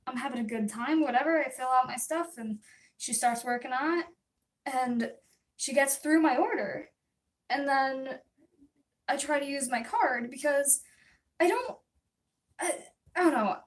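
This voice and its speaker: A woman with a somewhat high voice tells a meandering story in a casual livestream. She talks in a loose, venting way, full of fillers and asides, as if chatting with regular viewers. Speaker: small shop owner packing orders.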